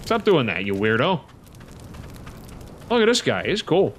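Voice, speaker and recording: A man giving excitable, chatty commentary while playing a survival game, talking to his creatures as he goes. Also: on the high side, moderate pace, long pauses, slight background noise. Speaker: let's play host. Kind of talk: casual gameplay commentary.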